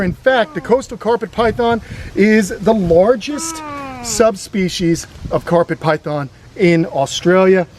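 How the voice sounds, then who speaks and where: A man's voice: sits high, a little slow, darkish tone, a little hiss or hum. A man hosting a casual educational vlog outdoors on a grassy lawn, explaining reptiles with chatty enthusiasm. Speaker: reptile sanctuary host.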